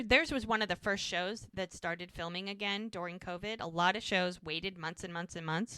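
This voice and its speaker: A woman's voice: fairly low pitch, bright, forceful tone, clean tone, no echo. Woman podcast host gabbing through a recap, does little voices for the characters, dry close mic. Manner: retells scenes acting out characters' lines. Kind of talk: casual recap chat.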